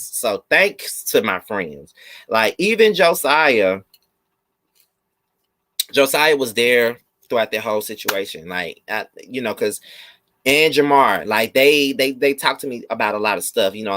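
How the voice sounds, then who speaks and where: A man chatting casually through a live review of a TV episode. He is animated and slips into mocking impressions. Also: mid-range voice, no echo.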